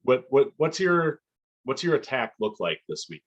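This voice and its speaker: A man co-hosting a casual football podcast, talking in an animated, excitable way and laughing often. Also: mid-range voice, moderate pace, dull audio. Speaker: podcast co-host.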